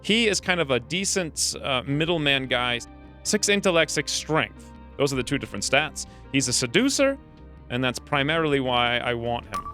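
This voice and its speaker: A man's voice: medium pitch, very animated, normal speed, bright, forceful tone, soft background music. A man hosting a let's play video, giving casual, upbeat commentary and explaining his plans as he plays. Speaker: gaming channel host.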